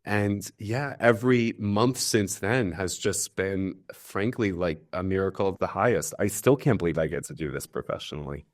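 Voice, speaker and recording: A man with a fairly low voice, speaking as a podcast guest. He talks earnestly and reflectively, and he leans on fillers as he goes. The tone is relaxed and conversational. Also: normal speed, hardly any pauses. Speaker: astrologer guest. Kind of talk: casual conversational interview.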